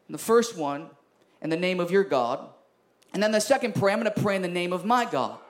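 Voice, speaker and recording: A man with a very high voice preaches a fervent sermon in a church. He is emphatic and keeps calling out to the congregation. Music plays clearly behind him. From Chicago. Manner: fervent and emphatic, calls out to the crowd. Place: church service.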